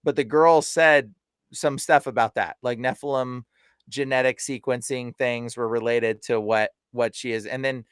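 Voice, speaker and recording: This deliverance minister, a podcast guest, has a clear, resonant voice in the mid range and speaks at a moderate pace. His storytelling is casual and lively, full of quoted voices and laughter, with clean studio sound and no echo.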